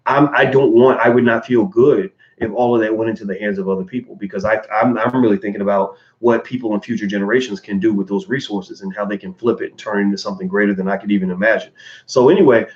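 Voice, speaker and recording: A man hosting a livestream, answering viewer donations in casual, candid commentary with many fillers and restarts. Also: fairly low pitch. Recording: roomy, dull lo-fi sound.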